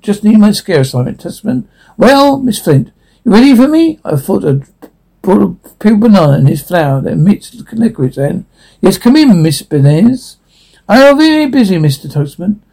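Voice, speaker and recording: Gravelly-voiced man reading a cartoon script. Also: high-pitched, dark tone, poor audio. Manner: stumbling reads with frequent restarts; switches between character voices, reading stage directions aloud. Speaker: script reader.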